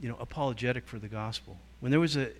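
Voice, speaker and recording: Racing along in a medium pitch, a middle-aged guest teacher gives a talk to a church group. He tells lively stories, performing quoted voices and changing his delivery as he goes.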